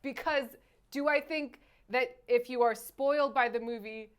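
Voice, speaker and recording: High pitched woman host, animated and exasperated, casual film chat. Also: normal speed, smooth. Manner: animated, exasperated, restarts and trails off. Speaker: podcast host, film reviewer.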